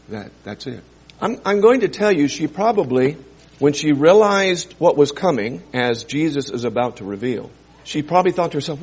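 Man, pastor, sermon, husky voice, fairly high pitch, dramatic soft-to-loud swings. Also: expressive, a little fast.

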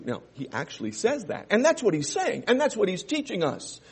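A man preaching a sermon, reading scripture and explaining it, with loud emphatic stresses and quieter asides. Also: fairly high pitch, sing-song, normal speed, slightly rough. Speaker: pastor.

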